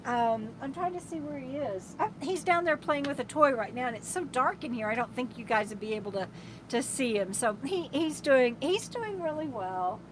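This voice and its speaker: An RV travel vlogger hosts a casual live stream from inside her camper, reading viewer comments aloud in an affectionate, rambling way with many restarts. Her voice sits high and is expressive, at normal speed, with background noise present.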